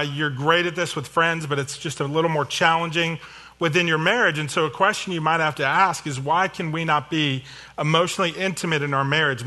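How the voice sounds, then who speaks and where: A man's voice: on the high side, pushed and bright. A middle-aged man giving a sermon, conversational and self-deprecating, with storytelling asides. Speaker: pastor.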